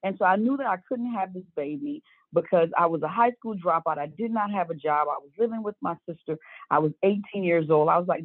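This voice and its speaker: A woman's voice: fairly low pitch, brisk, dry recording. A woman in her fifties tells her faith story earnestly as a guest, slipping into the voices of the people she quotes. Her voice comes over a tinny, phone-like line. The sound is dry, with no room around it. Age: 50s. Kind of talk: personal faith testimony.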